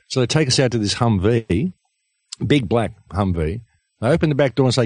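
A man's voice: on the low side, normal speed, dry recording. An Australian man, a radio guest, telling a long story in a casual, rambling way with many fillers.

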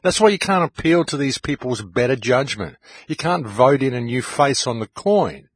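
A man's voice: medium pitch, big pitch swings, moderate pace, husky, no room sound. A middle-aged man hosting a radio show, delivering an impassioned, urgent monologue straight to his listeners. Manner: ranting, urgent, addresses listeners directly.

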